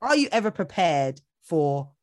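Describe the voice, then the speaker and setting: A woman's voice: fairly low pitch, measured pace, dry recording, clean studio sound. A woman hosting an interview, exclaiming and encouraging her guest in casual chat. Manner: animated, exclaiming, warmly encouraging. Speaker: interview host.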